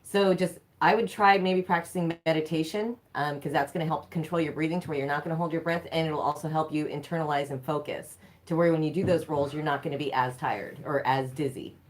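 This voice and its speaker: Female co-host, low voice, rapid chatty delivery, jumps in to finish sentences. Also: fairly even intonation. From United States. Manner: quick, chiming in to finish his sentences. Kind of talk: casual live-stream chat.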